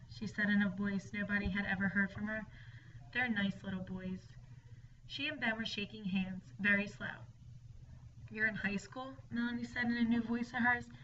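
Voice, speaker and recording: Woman telling a spooky story, distant. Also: medium pitch. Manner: hushed spooky storytelling, dropping to whispers. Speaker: narrator. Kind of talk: storybook narration. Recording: dull distant recording with faint hiss.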